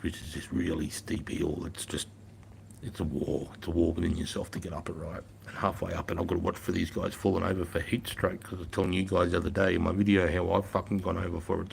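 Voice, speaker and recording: A gruff man in his fifties, his low voice full of gravelly fry. He talks casually and bluntly to viewers, swearing freely as he tells stories. A faint hiss of noise sits under the recording. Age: 50s. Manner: blunt, profane, storytelling. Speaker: livestreamer and former army instructor.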